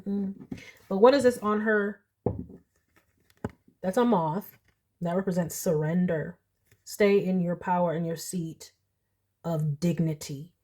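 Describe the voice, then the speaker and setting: A young woman giving a casual pick-a-card tarot reading, chatty and animated, often laughing. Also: mid-range voice. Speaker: tarot reader.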